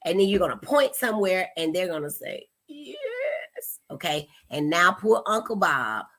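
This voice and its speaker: A woman in her thirties, a mother hosting a parenting advice talk, speaking in an animated, expressive way and acting out the questions she quotes. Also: fairly low pitch, fairly quick. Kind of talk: casual advice talk to camera.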